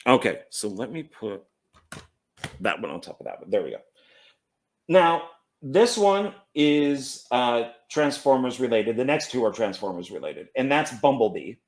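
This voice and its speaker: In a medium-pitched voice with a measured pace, a man rambles through his film collection as an easygoing movie enthusiast. He's a collector, and he often corrects himself and gets tangled up on names.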